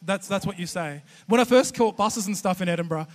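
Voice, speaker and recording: A man with an Australian accent giving a humorous, chatty sermon as a guest preacher, animated and self-deprecating with many restarts. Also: high voice, brisk. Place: church auditorium. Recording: long church hall reverb.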